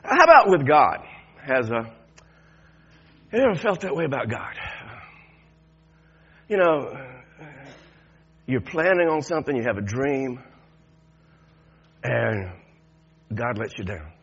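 A man's voice: mid-range voice, lively intonation, slow, pauses often, slightly rough. A man preaching an Easter sermon in a conversational way, often repeating words and chuckling. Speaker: pastor. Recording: dull lo-fi sound.

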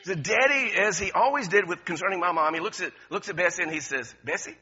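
A man's voice: high-pitched, fast, slightly rough, big-room sound. A middle-aged man preaching a sermon, telling stories with lots of repeats and chuckles. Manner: lively, storytelling, repeats words, chuckles often. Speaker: pastor. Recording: dull lo-fi recording.

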